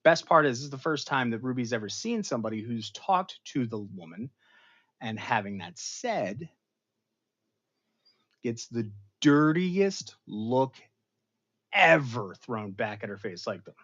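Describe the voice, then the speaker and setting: Animated man rambling through a recap. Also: measured pace, highs cut off. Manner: animated, rambling storyteller with big swings in pitch and loudness. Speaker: pop culture show host. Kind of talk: casual episode recap livestream.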